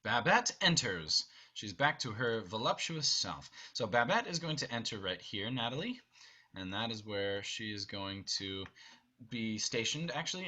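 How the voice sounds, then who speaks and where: A man with a bright, forceful voice directs an online rehearsal, talking his cast through where each character stands and moves. He keeps an upbeat, instructive tone over a video call. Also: lowish voice. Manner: upbeat, instructive, briefly acts out lines. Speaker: theater director.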